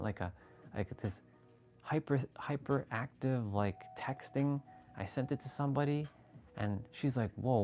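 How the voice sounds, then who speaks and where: A man hosting a casual livestream, talking excitably with rambling restarts and sudden jumps in voice as he relives moments, swearing freely. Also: mid-range voice, slight background noise. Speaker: livestream host. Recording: faint background music.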